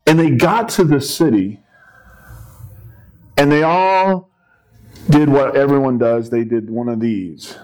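A man's voice: mid-range voice, slow pace, pauses often, poor audio. A middle-aged male preacher giving a sermon, retelling a story with playful asides and acted-out voices. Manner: animated storytelling, acting out voices and yells.

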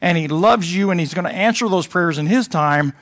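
A brisk, high-voiced male pastor preaches in a conversational style, jumping between loud emphasis and quiet asides. Now and then he mimics whining voices comically to draw laughs.

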